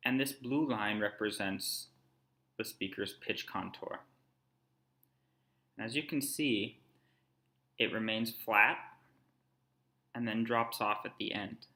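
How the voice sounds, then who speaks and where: Speaking slowly with long pauses, a man with a low, bright voice narrates a screen-recorded tutorial. Like a language teacher, he walks through each step calmly.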